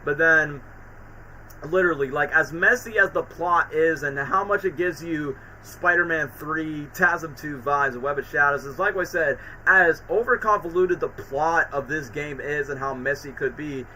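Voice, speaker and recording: Excitable man with a bright voice. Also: a little high, normal speed, slight background noise, low-quality recording. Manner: excitable, acts out quoted lines from scenes. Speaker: streamer. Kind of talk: casual commentary.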